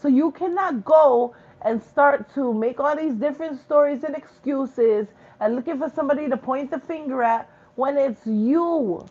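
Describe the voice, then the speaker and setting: Her voice is high and a bit mellow, moving at a moderate pace with hardly a pause. This spiritual reader preaches in her vlog with blunt, profane, slang-heavy language, and the audio is muffled.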